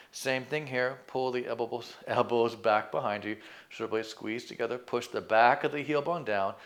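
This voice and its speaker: Male fitness coach, mid-pitched, calm and patient, talks students through each move. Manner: calm, coaching cues with counting and encouragement; self-deprecating asides. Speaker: fitness instructor. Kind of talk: exercise class instruction.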